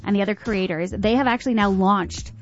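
A woman's voice: medium pitch, brisk, faint music behind. A woman radio host chatting casually and enthusiastically, gushing about things she likes. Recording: dull lo-fi radio broadcast.

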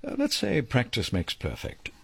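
In a full character voice, an actor plays a commanding male ringleader planning a sting, laying out the plan in clipped, bossy, formal phrasing that is dry and precise. His mid-range voice swings hugely in pitch at a moderate pace, sounding creaky and husky with no room sound.

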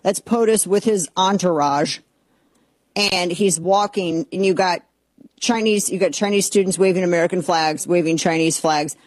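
A woman's voice: lowish voice, moderate pace, no room sound. Sarcastic woman radio host. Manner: sarcastic, exasperated, mocking voices. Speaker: radio talk show host. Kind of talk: opinionated talk radio monologue. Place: radio studio, simulcast.

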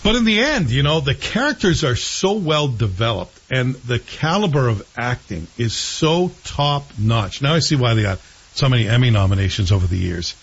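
A man's voice: medium pitch, big pitch swings, normal speed, gravelly, slightly rough, highs cut off. A male host chatting casually and with strong opinions, rambling and correcting himself as he goes. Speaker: show host reviewing TV series. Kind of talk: casual chat.

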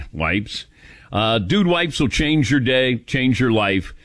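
A man in his fifties hosting a call-in radio show, animated and joking at his own expense. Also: medium pitch, slow pace, no echo, clean studio sound. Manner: animated, joking, self-mocking. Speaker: radio host.

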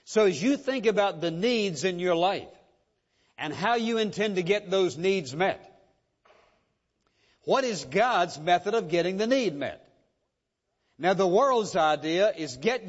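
A male pastor delivers a sermon in a fairly high voice, driving his points home with rhetorical questions and repetition. The sound is muffled and lo-fi. His words ring out with a long echo through a large hall. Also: lively intonation, unhurried, long pauses. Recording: dull lo-fi sound in a reverberant hall.

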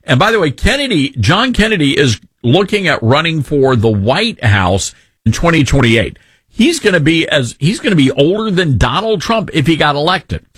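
Animated husky talk radio host. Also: male voice, fairly high pitch, normal speed, dry recording, studio quality. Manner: animated, rambling, jokey.

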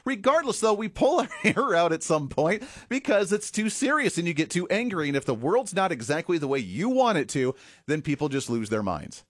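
A man's voice: on the high side, sing-song, fairly quick, a bit bright, dry recording, clean studio sound. A man hosting a political commentary show, talking with sarcastic asides and the odd chuckle. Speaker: host.

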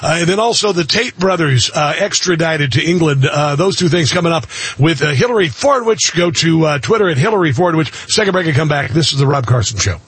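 A chatty radio talk show host from the United States who gets excited and laughs often while talking with his guest. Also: a little high, fairly quick, slight background noise. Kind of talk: casual radio chat. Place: radio studio. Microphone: studio microphone.

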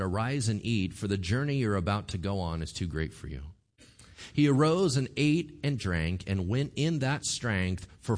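A man preaching a sermon, retelling a story in an animated way and acting out the voices of the people in it. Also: fairly low pitch. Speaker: pastor.

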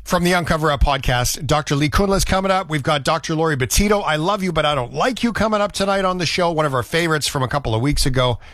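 A man's voice: a little high, animated, fast talker, few pauses, a bit bright. A man from Canada hosting a radio show, chatting in a rambling, conversational way. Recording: dry studio sound.

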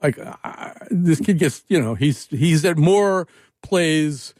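A man's voice: a little high, lively intonation, takes it slowly, darkish tone, no echo, studio quality. A man hosting a radio talk show, rambling and joking, with frequent restarts. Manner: rambling, self-interrupting, jokey. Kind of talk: casual radio chat.

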